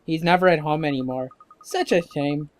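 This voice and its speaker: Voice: mid-range voice, normal speed, close to an everyday voice. A gamer voicing a fussy, gossiping old woman neighbor while reading game dialogue aloud. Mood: gossipy. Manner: gushing, gossipy. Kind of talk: let's-play dialogue read aloud.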